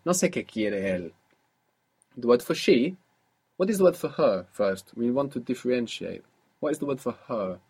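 Male language teacher, slightly husky, patient, quizzes a learner and repeats answers back. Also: on the low side, darkish tone. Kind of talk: guided spoken lesson.

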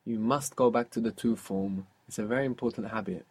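Husky-voiced man teaching step by step. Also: lowish voice, fairly quick. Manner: patient, questioning, explains step by step. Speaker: language teacher. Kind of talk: guided audio language lesson.

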